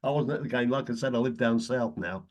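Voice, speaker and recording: A man's voice: mid-range voice, fast talker, a little mellow. A middle-aged man chatting casually as a guest, telling anecdotes and chuckling often. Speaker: guest, retired footballer.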